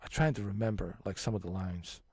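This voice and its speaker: A man in his forties chatting casually as a channel host, animated and emphatic, restarting his sentences often. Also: deep voice, fairly quick, breathy edge, dry recording. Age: 40s. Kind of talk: casual chat.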